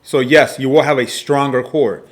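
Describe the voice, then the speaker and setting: In a slide-based lesson, a male fitness coach drives points home through emphatic, intentional repetition and regular check-ins with listeners. His mid-range voice has fairly even intonation.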